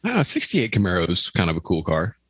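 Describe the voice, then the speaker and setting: Deep-voiced wry male podcast co-host. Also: huge pitch swings, fairly quick, a bit bright, breathy edge, dry recording, studio quality. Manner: wry, teasing quips. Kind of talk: comedic podcast banter.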